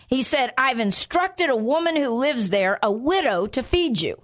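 A woman's voice: fairly high pitch, big pitch swings, moderate pace, hardly any pauses. A woman preaching a sermon in an earnest way, often repeating phrases for emphasis.

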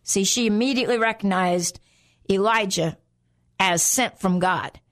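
A woman's voice: mid-range voice, unhurried, a bit bright. A woman preaching a sermon in an earnest way, often repeating phrases for emphasis.

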